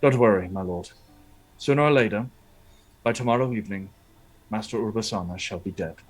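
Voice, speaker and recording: A man voicing a male henchman who quietly plots an attack for his lord. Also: fairly low pitch, fairly quick, faint music behind, close to an everyday voice. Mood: plotting. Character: loyal male henchman plotting a murder.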